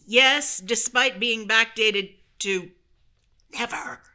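A woman's voice: a little high, slow pace, bright, forceful tone, exaggerated voice. A woman reading a sarcastic young office worker. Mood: wry. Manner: cold read, plain voice. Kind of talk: cold-read stage play.

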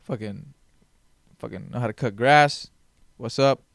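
A man's voice: medium pitch, measured pace, gravelly, a bit bright, no echo. A man hosting a solo podcast, rambling casually and joking with plenty of profanity. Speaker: podcast host. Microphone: headphones on, close mic.

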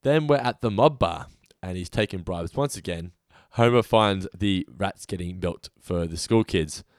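A man's voice: low-pitched, a little slow, dry recording, studio quality. A man co-hosting a podcast, casually recapping a cartoon episode in a rambling, amused way. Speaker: podcast co-host.

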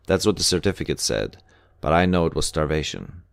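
A man's voice: rumbling low, lively intonation, a little fast, gravelly, dry recording, clean studio sound, heavily acted. A man reading the part of a weary, bitter young woman in an audiobook, raising his voice for her.

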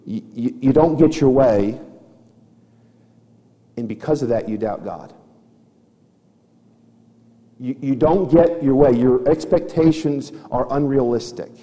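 A man's voice: mid-range voice, takes it slowly, long pauses, dark tone. A man preaching a sermon as a pastor, emphatic and repeating his key phrases, who mixes teaching points with stories about his family. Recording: echoey hall reverb.

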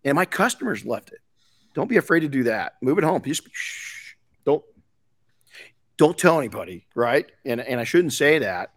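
A man's voice: mid-range voice, big pitch swings, moderate pace, dry recording. Rambling guy hosting a podcast, frank, swears a bit, dry close sound. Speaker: podcast host. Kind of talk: casual chat.

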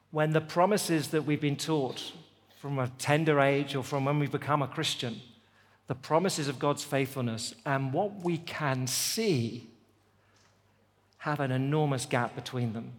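A man's voice: a little high, measured pace, long reverb tail. A man preaching a sermon at a festival, with an emphatic, repetitive cadence. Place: festival venue.

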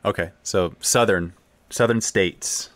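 Deep-voiced eager man host. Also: fairly bright tone, dry recording. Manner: eager, halting questions with many fillers. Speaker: podcast host. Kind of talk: casual interview chat.

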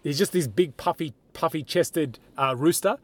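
A man's voice: a little high, normal speed, darkish tone. An Australian man co-hosting a podcast, telling stories casually and mocking himself. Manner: storytelling, self-mocking. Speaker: podcast co-host. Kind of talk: casual travel chat.

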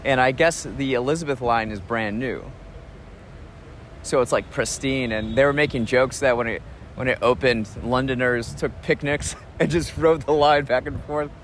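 A man talking in a casual spoken travel diary, relaxed and reflective, rambling with restarts and soft chuckles. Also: medium pitch, moderate pace, slight background noise. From United States. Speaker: podcast host.

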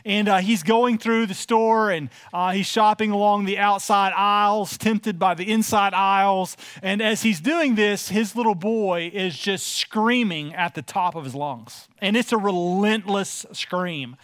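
A man's voice: high-pitched, a little slow, few pauses, a bit bright, dry recording. A man in his forties preaching a sermon to his church in a conversational, folksy way, with frequent filler sounds. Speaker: pastor.

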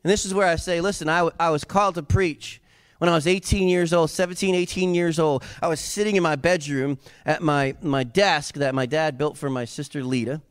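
A man preaching a sermon as a pastor, building to loud emphatic peaks and dropping into relaxed, joking asides to the congregation. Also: a little high, brisk, clear, resonant tone, dry recording, studio quality. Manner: conversational asides with humor.

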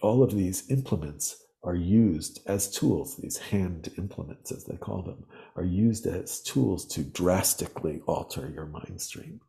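A man talking as a podcast guest, explaining ideas in earnest, animated storytelling. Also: low-pitched, measured pace, creaky, hardly any pauses. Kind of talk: reflective interview talk.

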